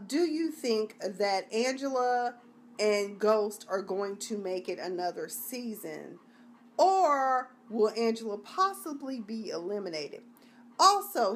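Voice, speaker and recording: A woman hosting a casual live-stream review, talking in a chatty, rambling, slangy way. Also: mid-range voice. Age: adult (junior high long ago).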